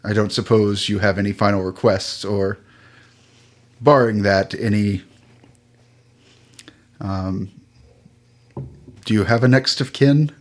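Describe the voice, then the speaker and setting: A man voicing a courtly, formal gentleman who speaks in stiff, measured phrases. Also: on the low side. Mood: mock-formal.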